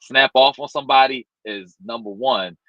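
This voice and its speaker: A man's voice: mid-range voice, normal speed, bright, forceful tone, no echo. A man chatting casually and animatedly in slang, laughing often, on a dull lo-fi line. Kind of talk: casual chat. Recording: dull lo-fi remote audio.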